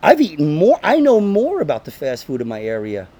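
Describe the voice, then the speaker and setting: A man's voice: a little high, brisk. A man in his thirties hosting a casual podcast, telling stories loosely with swearing. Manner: swearing, animated storytelling with voices. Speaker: podcast host and comedian.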